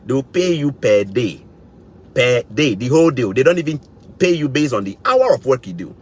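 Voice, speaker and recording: Speaking directly to camera, a West African vlogger based in Canada lectures his audience, pressing his points hard and going over them again and again. His medium-pitched voice is slightly rough, very animated, and moves at a normal speed.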